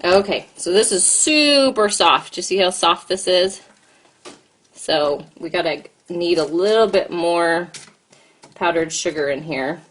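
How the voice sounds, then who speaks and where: Chatty American mom cooking live. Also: female voice, lowish voice, animated, a little slow, a bit bright. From United States. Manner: chatty, talks to viewers and kid at once. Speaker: host and mom. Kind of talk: casual live-stream chat while cooking.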